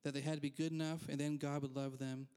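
Brief: male pastor, fairly high voice, candid chatty sermon with asides. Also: flat delivery, fast, dark tone, clear, resonant tone. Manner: candid, self-deprecating, frequent asides. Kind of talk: conversational sermon.

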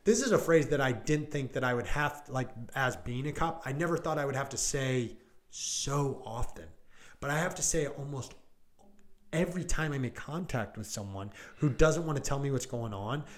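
In a mid-range voice with lively intonation and normal speed, a male police deputy, probably thirties, casually recounts a call for a podcast. He keeps saying "like" and "I go" while acting out what people said.

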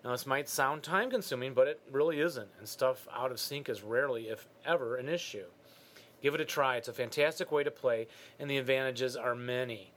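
A man's voice: medium pitch, a little fast, fairly bright tone, slight background noise. Dry, teasing male podcast co-host. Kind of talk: casual chat reading listener mail.

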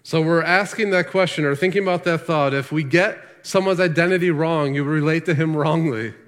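A man's voice: on the high side, a little fast, a bit bright, big-room sound. A man preaching a sermon as pastor, earnest and emphatic, asking rhetorical questions.

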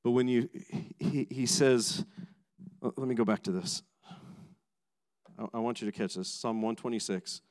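Preaching with emphasis, this male pastor swings from raised sections to low, hushed moments and often restarts sentences by repeating words. He speaks at a normal speed with frequent pauses, and there's no room sound.

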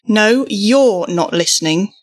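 A weary mother, as a woman narrator voices her, speaks firmly and stays measured. Her tone is steady and controlled. It sounds like a storybook reading. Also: mid-range voice. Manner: firm and measured. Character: firm, weary mother keeping calm.

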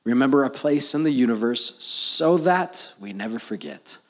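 A man preaching a sermon as pastor, telling personal stories, building to emphatic lines and dropping to quiet, low asides. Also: lively intonation, moderate pace, hardly any pauses. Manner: storytelling, rising to emphatic peaks then dropping soft and low.

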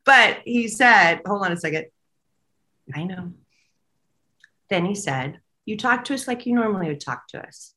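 Woman, co-host, bright tone, casual spiritual chat, laughs easily. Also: medium pitch, lively intonation, normal speed, pauses often. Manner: laughs often, relays spirit messages. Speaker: co-host and medium.

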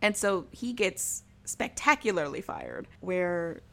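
Speaking slowly and expressively, a young woman with a lowish, creaky, fairly bright voice gives a casual podcast recap of a TV show. Her delivery is chatty and packed with "like," broken up by frequent laughter.

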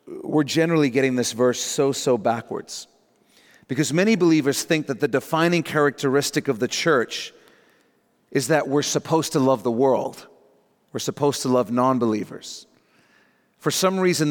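A man preaching a sermon as pastor, animated, acting out the voices of the people he quotes. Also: on the high side. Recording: long hall reverb.

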